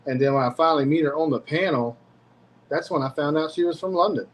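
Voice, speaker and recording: A man hosting a casual chat, relaxed and restarting his sentences as he talks. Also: fairly high pitch, fast talker, rough recording. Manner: relaxed, repeats words when starting. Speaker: host.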